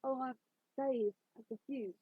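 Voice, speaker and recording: A woman voicing an excitable man, a time-traveling doctor who rambles quickly, in a husky tone over a tinny, phone-like recording. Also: high voice, no room sound. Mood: playful.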